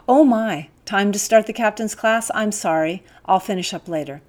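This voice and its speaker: A woman reading an audiobook, voicing a cheerful, simple-hearted male corporal with a bright, chipper delivery. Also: mid-range voice, normal speed, natural voice.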